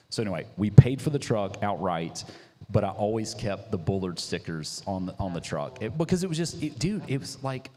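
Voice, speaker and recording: A young man, a coffee business founder, telling his story in a casual interview, animated and slangy, acting out what people said. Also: on the low side. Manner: animated, slangy, acts out quotes. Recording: reverberant hall.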